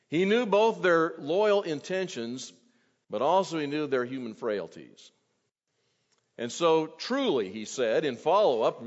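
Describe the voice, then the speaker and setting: Guy preaching a sermon, slightly high voice, muffled sound, long church echo. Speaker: pastor. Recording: dull, long hall reverb.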